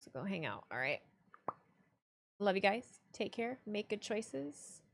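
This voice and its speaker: A woman's voice: medium pitch, very animated, unhurried, creaky, slight background noise. A young woman streaming casually, joking and speaking bluntly, with free swearing. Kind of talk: casual live-stream chat.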